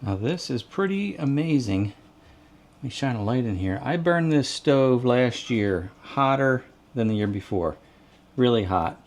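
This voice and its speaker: A man talking through a do-it-yourself job as he goes, in a steady mid-range voice. He explains each step in plain words and thinks aloud about what to try next, like a relaxed home-repair host. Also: medium pitch, measured pace. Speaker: DIY channel host. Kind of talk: casual how-to narration.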